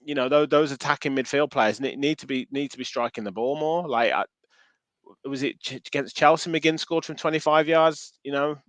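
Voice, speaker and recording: A man's voice: a little high, normal speed, dry recording. A man co-hosting a football podcast, chatting casually and often restarting his sentences. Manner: animated, restarts phrases, reads out viewer comments. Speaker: podcast co-host.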